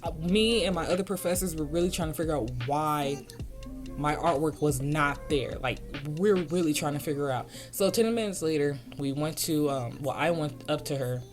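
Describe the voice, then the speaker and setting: Young adult vlogger, slangy storyteller, mid-pitched voice, faint music underneath. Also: normal speed. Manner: casual slangy storytelling, excited and indignant. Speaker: art vlogger. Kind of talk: storytime over a speedpaint.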